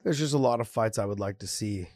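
A man's voice: fairly low pitch, fast talker, darkish tone, no room sound. Male podcast host, upbeat casual talker, dry recording. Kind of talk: casual chat.

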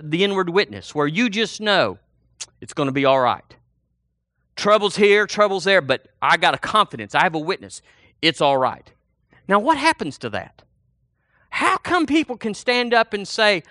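A man preaching a sermon in a folksy, animated way, swinging from loud emphasis to quiet asides. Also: sits high, no room sound, studio quality.

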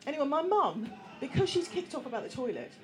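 Animated woman telling a live story. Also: high-pitched, quick pace, soft background music. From England. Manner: animated, acts out voices, laughs through the telling. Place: small venue room with an audience.

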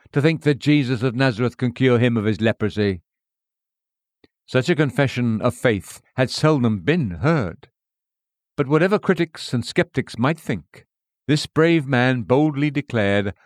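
A man's voice: medium pitch, dry recording, studio quality. Earnest man reading a sermon. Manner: earnest, emphatic preaching with dramatic pauses. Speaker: sermon reader. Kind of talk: read-aloud sermon.

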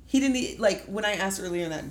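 A woman's voice: medium pitch, quick pace. A young woman telling a dating story in casual chat, acting out the lines of the people in it. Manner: animated storytelling, acts out quoted lines. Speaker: storyteller guest.

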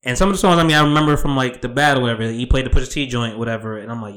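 A man co-hosting a podcast in casual chat, animated and profane, often acting out quotes. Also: medium pitch, fast talker. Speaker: podcast co-host.

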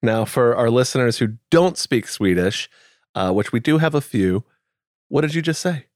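A man's voice: medium pitch, expressive, normal speed, no room sound, studio quality. A man hosting a podcast in an easygoing, affectionate casual chat. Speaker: podcast host.

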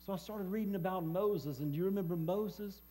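Man, preacher, high voice, mellow tone, halting delivery, lots of fillers and restarts. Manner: halting, repeats words with many fillers. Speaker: preacher and former hospice chaplain. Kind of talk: personal testimony sermon.

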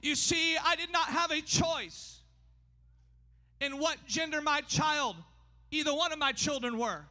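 High, bright-voiced preacher man shouting in a hall. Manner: emphatic, often shouting, pace swinging fast and slow. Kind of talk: sermon. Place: church sanctuary. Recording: long hall reverb.

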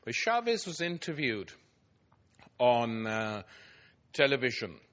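A man's voice: mid-range voice, sing-song, slow, fairly bright tone, dull audio. A man giving a public lecture before an audience, telling anecdotes with wry, dry irony.

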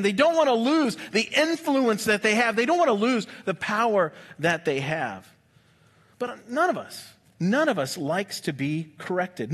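A man preaching a sermon in a conversational, humorous way, with quick asides to the congregation. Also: high-pitched, a bit bright. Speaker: pastor.

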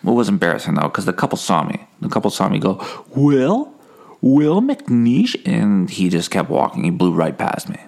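A man hosting a comedy podcast, telling a rambling, deadpan monologue full of self-corrections and dark punchlines. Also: sits low, fast, vocal fry, hardly any pauses. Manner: escalates mundane stories into dark punchlines. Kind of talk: absurdist comic monologue.

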